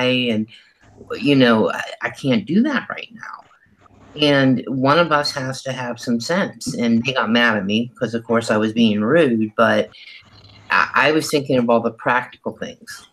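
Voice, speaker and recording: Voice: medium pitch, fairly even intonation, a little slow, a bit bright, low-quality recording. Matter-of-fact middle-aged guest. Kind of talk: casual chat.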